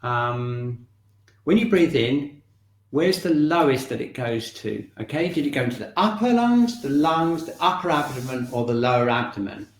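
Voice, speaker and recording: A man teaching a shiatsu and qigong class, giving calm, encouraging step-by-step instructions. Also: medium pitch, moderate pace, distant mic. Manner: calm, encouraging instructions, often checking in with "okay". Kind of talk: guiding an online movement class. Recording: very echoey room, voice off-mic.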